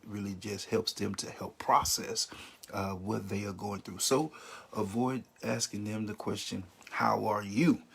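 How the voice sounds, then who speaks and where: A man hosting a casual talk on grief, speaking with many pauses, fillers and repeated phrases. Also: lowish voice, vocal fry, husky. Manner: repetitive, pausing, many fillers. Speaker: host giving grief advice. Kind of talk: casual spoken advice video. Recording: live stream with connection issues.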